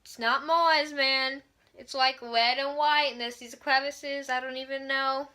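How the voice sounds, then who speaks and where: A woman's voice: sits high, fairly even intonation, measured pace, pushed and bright. A woman reviewing a movie in a casual, sarcastic, exasperated rant, swearing freely.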